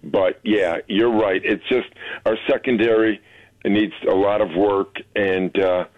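A man's voice: fairly low pitch, steady tone, measured pace, no room sound. A man calling in to a sports radio show, easygoing and a bit hesitant, with plenty of fillers. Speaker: caller. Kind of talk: casual call-in chat. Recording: dry tinny phone line.

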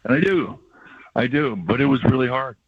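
Older husky man telling radio stories. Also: medium pitch, lively intonation, normal speed, no room sound. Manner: reflective, rambling storyteller with laughs. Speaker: baseball broadcaster, regular guest. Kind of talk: emotional casual radio chat. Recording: dull lo-fi radio audio.

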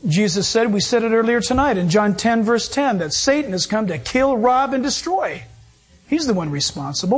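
A man preaching a sermon as pastor, emphatic and animated with quick bursts. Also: very high voice, breathy edge, faint music behind.

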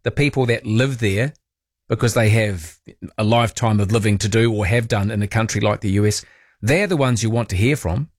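A man's voice: on the low side, brisk, dry recording, studio quality. A man with a New Zealand accent hosting late-night talkback radio, chatting loosely and reading listener texts aloud. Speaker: talk radio host. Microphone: studio microphone.

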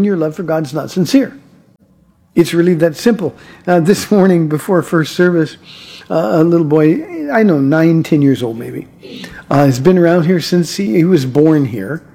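A man's voice: sits high, mellow, breathy edge. A man preaching a sermon as pastor, earnest, often repeating words as he goes and telling stories from his own life. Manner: earnest preaching with frequent word repeats and told anecdotes.

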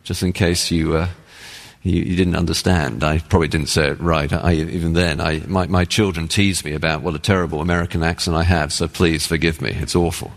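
A man's voice: low voice, fairly even intonation, a little fast, in a large hall. A man with an English accent, a pastor preaching an earnest, emphatic sermon. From England. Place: church sanctuary.

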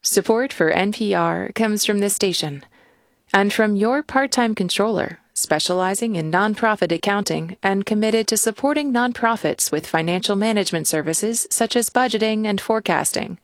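A woman reads public radio sponsor credits in a smooth, even announcer voice. The sound is dry and close, with no room echo. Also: medium pitch, moderate pace. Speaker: underwriting announcer.

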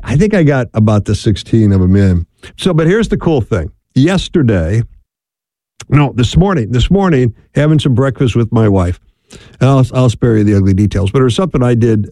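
Man, middle-aged, radio host, folksy chat, dark mellow voice, dry studio sound. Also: mid-range voice, animated, normal speed, no room sound. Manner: chatty, folksy, laughs easily. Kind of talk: casual call-in radio talk.

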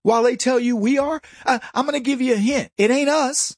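A man hosting a political commentary show, brash and mocking, laughing often and slipping into high voices to mimic people. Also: fairly quick, dry recording, clean studio sound. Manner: jumps into high put-on voices for quoted people. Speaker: political talk show host. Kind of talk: opinionated commentary monologue.

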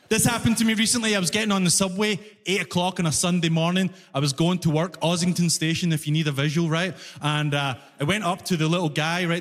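A man performing a stand-up comedy set, telling stories with animated delivery and shouted punchlines on a comedy club stage. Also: high-pitched. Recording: reverberant live room, faint ambience.

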